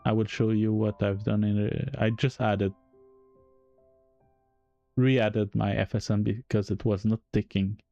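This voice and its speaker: A man with a French accent talks slowly through game code on a live stream, halting and correcting himself with small chuckles. His voice is low, mellow and gravelly. The audio sounds dull and lo-fi, with faint music underneath. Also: level tone, dry recording. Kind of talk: live-stream coding explanation.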